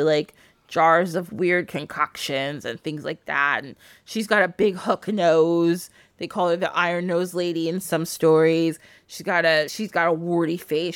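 A woman from the United States, a podcast guest, casually retelling a folk tale in an animated way, with frequent laughs and fillers. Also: fairly low pitch, no room sound. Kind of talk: casual storytelling.

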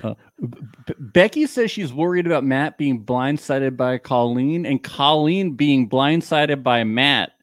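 A man's voice: mid-range voice, animated, unhurried, no echo, studio quality. A man co-hosting a casual podcast, recapping a reality show with jokes and put-on drawled quotes. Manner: jokey, puts on mock Texas drawl when quoting. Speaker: podcast co-host.

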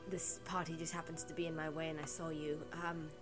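A woman playing a disguised young woman, earnest and gently probing, her voice on the low side. Music runs beneath the scene. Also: little pitch movement, brisk, natural voice. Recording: background music.

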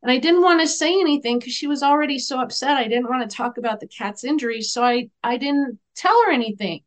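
A woman who works as an animal communicator tells a story as a guest on an interview show, earnest and gentle, acting out the dialogue. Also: sits high, fast talker. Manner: animated, acts out the dialogue in her stories.

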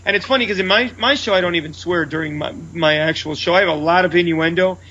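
A man, a comedian and show headliner, chatting casually and telling stories in a loud, brash way, acting out what he said. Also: high-pitched, quick pace, breathy edge, dull audio. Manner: loud, brash storyteller who acts out his own lines. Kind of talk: casual chat.

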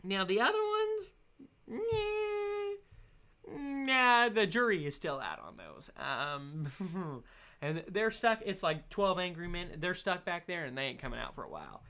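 Man, podcast host, casual rant, giggly and rambling, lively swooping pitch. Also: normal speed, creaky. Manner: giggly, animated, rambling with fillers and laughs.

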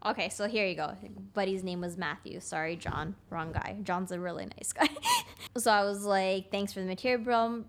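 A blunt young woman chatting on a casual podcast, telling stories with animated energy. She acts out the other people's lines in quick back-and-forth dialogue. Her voice sits at an ordinary middle pitch for a woman. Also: noisy background. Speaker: podcast guest, construction taper.

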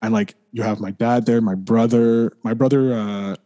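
A man as a podcast guest, candidly recounting a hard period in a rambling way, full of restarts, and quieter as things get heavy. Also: mid-range voice, steady tone, moderate pace. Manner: rambling, heavy use of "like", frequent restarts, swears and apologizes. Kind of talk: candid personal storytelling.

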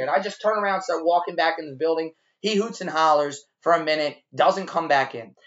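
A man on a podcast telling a rowdy restaurant story, animated and profane, acting out the shouting. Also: a little high, fast talker, hardly any pauses, dull audio. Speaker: podcast co-host. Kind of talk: casual storytelling over drinks.

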